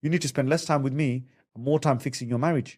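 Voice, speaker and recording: A man's voice: rapid-fire, husky. Male counsellor, conversational podcast delivery, mimics others in raised voices. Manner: animated, acts out quotes with high voices. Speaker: Islamic family counsellor.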